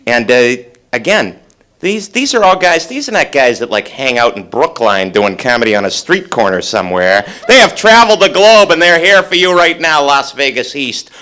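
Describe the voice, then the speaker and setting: Bright-voiced host hyping a comic. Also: male voice, mid-range voice, big pitch swings, moderate pace, smooth. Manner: hyped, showman-like introduction. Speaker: comedy show host. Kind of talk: introducing a comedian.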